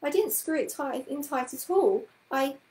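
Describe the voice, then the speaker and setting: An eager, polite little girl, as a woman puts her on, earnest and hurried. Her voice rides high and bright, with a roomy echo around it. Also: animated. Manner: earnest and quick, apologetic. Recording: roomy echoing room.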